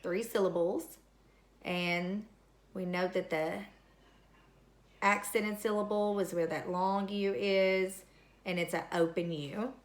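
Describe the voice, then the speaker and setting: A woman's voice: mid-range voice, fairly even intonation. A woman teaching a third grade word study lesson, speaking patiently and repeating each word. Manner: slow, patient, deliberate, repeats words for spelling. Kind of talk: recorded classroom lesson.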